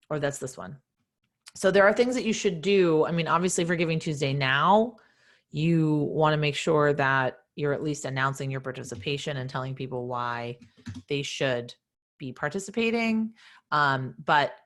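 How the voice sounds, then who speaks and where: Low-voiced woman coaching with energy. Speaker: nonprofit fundraising consultant. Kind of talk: live online office hours Q&A.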